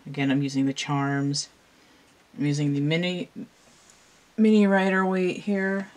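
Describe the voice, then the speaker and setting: A woman's voice: low voice, level tone, unhurried, darkish tone. A woman hosting her own channel, explaining a card layout in casual, rambling talk with many fillers and restarts. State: slightly out of breath. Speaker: channel host and tarot reader. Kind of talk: casual show-and-tell talk to camera.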